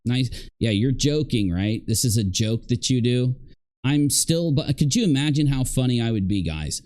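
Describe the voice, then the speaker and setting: A man's voice: medium pitch, animated, normal speed, mellow. A man commenting on a replayed livestream, scolding the people in it in an indignant way.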